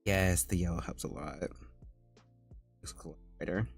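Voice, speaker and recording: A man streaming as an artist, chatting casually as he works and breaking into high squeals of disgust and laughter. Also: a little slow, gravelly, slightly rough, soft background music. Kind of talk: casual live-stream chat while drawing.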